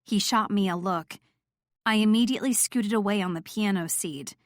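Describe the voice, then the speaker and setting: A woman narrating a first-person romance audiobook in a steady, clear storytelling voice. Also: mid-range voice, moderate pace, no echo, clean studio sound.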